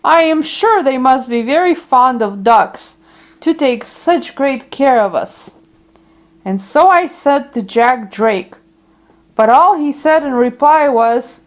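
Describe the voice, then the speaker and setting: A woman reading a children's storybook aloud in a gentle, unhurried way. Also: high-pitched, expressive.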